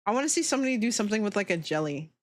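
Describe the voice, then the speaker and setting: A woman's voice: medium pitch, expressive, racing. Young woman, live-stream host, casual chat, frequent giggles, cussing, reacting to chat.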